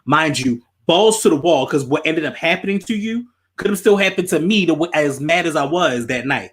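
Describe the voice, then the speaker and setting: A man's voice: a little high, normal speed. Man telling a story. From Baltimore, USA. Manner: animated, profane, repeats himself while telling a story. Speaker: podcast host. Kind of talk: casual storytelling.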